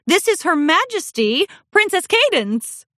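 A woman's voice: very high voice, sing-song, unhurried, sharp tone, no room sound, studio quality, voice pushed up, heavily acted. A woman voicing a cheerful, talkative young mare in a storybook reading, with a bubbly, eager manner.

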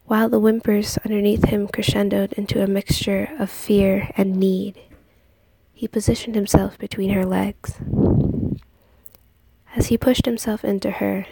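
Slow hushed woman with a gravelly voice. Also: medium pitch, no room sound. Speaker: narrator. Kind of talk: soft storytelling, partly whispered.

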